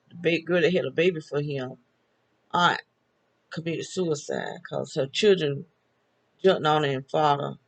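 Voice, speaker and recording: Older woman, gravelly voice, chatty storyteller who laughs often. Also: sits low, rough recording. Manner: chatty, laughs often, talks back and forth with herself. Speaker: vlogger. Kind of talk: casual storytelling monologue.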